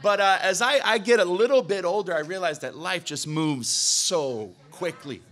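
High, bright-voiced preacher man. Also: moderate pace. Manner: emphatic, calls for amens from the congregation. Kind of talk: sermon. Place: church sanctuary.

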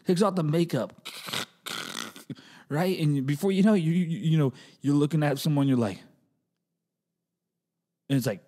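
A middle-aged man hosting a comedic solo podcast, talking in an animated way that jumps into high, exaggerated bits and restarts often. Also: moderate pace, long pauses, slightly rough. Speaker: podcast host.

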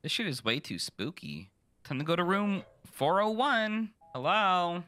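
A young man playing a horror game, joking, swearing and reacting loudly in casual commentary. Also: sits high, sing-song, unhurried. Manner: joking, profane, loud reactions. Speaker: gaming streamer. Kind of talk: casual let's-play commentary.

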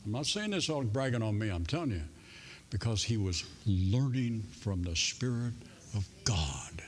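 A man preaching a sermon in a church in a folksy, humorous way, with soft music faintly behind him. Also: on the low side, expressive, normal speed. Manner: folksy and humorous, playing out voices in stories. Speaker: pastor. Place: church sanctuary.

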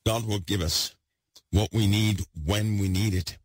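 A man preaching with great excitement, repeating himself for emphasis and swinging from loud bursts to hushed asides. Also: on the low side, a little slow, no echo. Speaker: podcast host preaching. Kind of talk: impassioned preaching.

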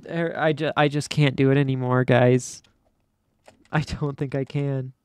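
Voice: mid-range voice, level tone, unhurried, darkish tone, clear, resonant tone. A young adult gamer giving casual let's play commentary, dramatically exasperated and often laughing at their own struggles. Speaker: gamer playing an obstacle course game.

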